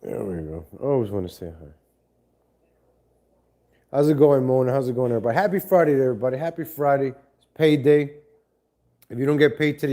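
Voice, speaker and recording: A man with a warm, medium-pitched voice hosts a casual live stream from home over a laptop mic. He rambles and corrects himself as he greets viewers, chatting to them and to his cat.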